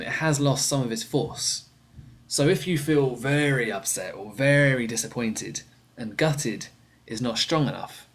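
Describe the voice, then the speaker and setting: A man teaching slang words, speaking clearly and patiently and repeating each example slowly. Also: mid-range voice. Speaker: English teacher. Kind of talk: slang vocabulary lesson.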